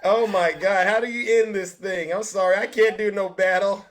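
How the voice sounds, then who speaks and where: Male livestream host, political commentary, higher voice, loud, mocking, repetitive. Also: fairly even intonation, normal speed, soft background music. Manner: loud, mocking, repeats himself.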